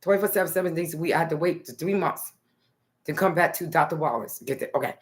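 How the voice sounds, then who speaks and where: A woman's voice: deep voice, fast talker. A woman from New Jersey talking in a loose, rambling personal monologue to the camera, dotting her talk with "okay" and "nice". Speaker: vlogger.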